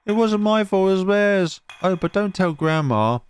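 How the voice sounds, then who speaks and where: A man voicing a spirited young village girl who is bold and protective, in an excited, high squeaky voice. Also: moderate pace, clean tone. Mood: indignant.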